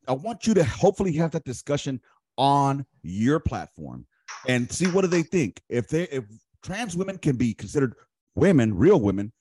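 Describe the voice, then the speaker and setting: A man's voice: mid-range voice, a little mellow, no echo, studio quality. A man hosting a podcast, chatting casually in a blunt, profane, questioning way. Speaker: podcast host. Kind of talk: casual chat.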